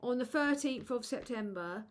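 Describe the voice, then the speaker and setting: A woman hosting a live chat with viewers, rambling and halting with many fillers, tired and low. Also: animated. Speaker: livestream host.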